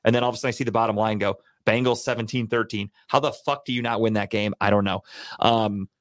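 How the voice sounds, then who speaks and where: A man's voice: on the low side, steady tone, rapid-fire, no echo, studio quality. A man co-hosting a podcast, rambling and swearing as he chats through the week's football results. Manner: profane, rambling. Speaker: podcast co-host. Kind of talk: casual sports chat.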